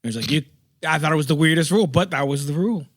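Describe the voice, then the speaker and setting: A male podcast co-host tells a story from his own life in an easygoing way. His voice sits a little high for a man. The sound is dry and close. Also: animated, racing, no echo. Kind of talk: casual chat, personal anecdote.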